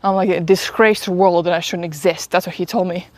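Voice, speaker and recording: A woman's voice: on the low side, steady tone, fast talker, darkish tone, no room sound. A young woman live-streaming as she walks uphill outdoors, feeling sick and rambling through a story with laughs and swearing. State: sick, stuffy. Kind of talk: casual live-stream chat while walking. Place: outdoors walking uphill in a town.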